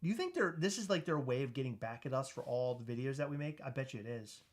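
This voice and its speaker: A man co-hosting a podcast in casual chat, loud, joking and teasing. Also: medium pitch, very animated, fast talker. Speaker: podcast co-host.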